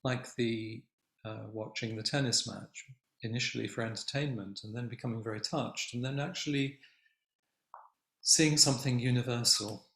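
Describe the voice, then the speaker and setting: An older man giving a Zen dharma talk as a teacher, speaking gently and reflectively with long pauses. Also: mid-range voice, steady tone. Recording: echoey room.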